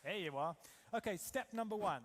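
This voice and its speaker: A man from England giving an energetic motivational seminar to a live audience, quizzing the crowd with rhetorical questions. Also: sits high, brisk. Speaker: trading coach and seminar speaker.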